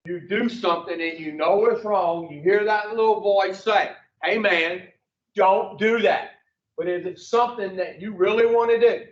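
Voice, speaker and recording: Guy running a recovery class, high voice, slow, swears and quizzes the room, sounds far off in an echoey room. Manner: blunt, profane, quizzes the group. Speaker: addiction recovery group leader. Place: room with a group. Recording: roomy, distant, dull lo-fi.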